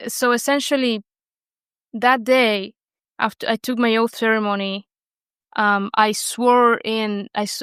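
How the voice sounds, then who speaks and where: A young woman from Argentina speaks English with a Spanish accent, her voice smooth and clear. She tells her story in an animated way, full of fillers and restarts. The sound is dry and close. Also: on the high side, no room sound. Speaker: guest. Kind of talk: conversational interview.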